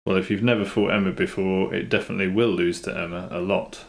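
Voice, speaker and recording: A British man chatting casually while streaming a game live, unhurried and dryly joking with his viewers. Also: low-pitched, steady tone, vocal fry. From Britain. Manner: unhurried, chatty, answers chat with dry humour. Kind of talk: casual live gameplay commentary.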